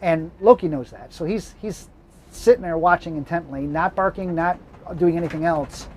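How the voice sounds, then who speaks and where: A vlog host with a somewhat high, darkish voice tells rambling, self-correcting anecdotes at a moderate pace inside a moving car for his travel vlog. It's a casual storytelling chat, and the poor audio carries a little hiss or hum.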